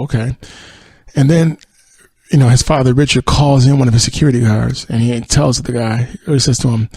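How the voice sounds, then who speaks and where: Gravelly man recapping a TV episode. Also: mid-range voice, darkish tone, no room sound. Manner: rambling retelling with many fillers and quoted lines. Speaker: podcast host.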